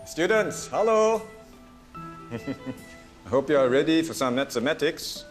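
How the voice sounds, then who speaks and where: A man's voice: a little high, lively intonation, slow. An actor playing a male maths teacher who welcomes visiting students in a polite, formal way. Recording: film soundtrack with loud music under the voice.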